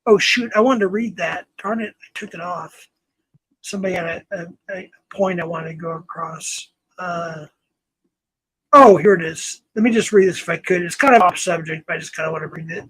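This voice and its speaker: High-voiced chatty man host. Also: moderate pace, fairly bright tone, breathy edge, no echo, low-quality recording. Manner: chatty, rambling, talks straight to viewers. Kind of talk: casual live-stream chat.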